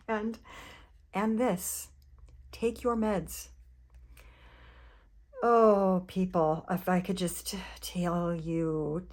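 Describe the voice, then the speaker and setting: A woman talking casually to her viewers while showing a sticker haul, chatty and gushing with lots of fillers. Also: mid-range voice. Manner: chatty, gushing, addresses viewers as "you guys". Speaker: planner vlogger.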